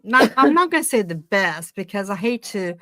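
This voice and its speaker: A middle-aged woman from the United States, chatting on a video call and often pausing to search for words. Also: mid-range voice, very animated, no echo. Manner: hesitant, searches for words, laughs softly. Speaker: paranormal team member, guest. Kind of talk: casual video-call chat.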